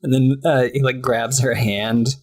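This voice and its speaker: A woman's voice: a bass voice, moderate pace. A woman co-hosting a casual podcast, chatting through a cartoon episode and acting out the characters' lines with giggles. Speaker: podcast co-host. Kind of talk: casual chat recapping a cartoon.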